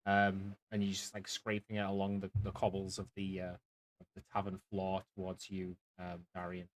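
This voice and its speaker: A man running a tabletop game as dungeon master, narrating haltingly with many restarts. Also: deep voice, completely flat delivery, low-quality recording.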